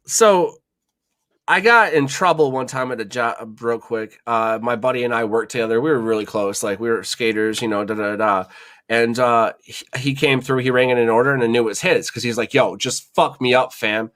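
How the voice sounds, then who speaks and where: A man's voice: medium pitch, fairly quick, fairly bright tone. A man hosting a podcast, telling a kitchen story in a loose, rambling way full of swearing and fillers. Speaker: podcast host. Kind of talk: casual storytelling chat.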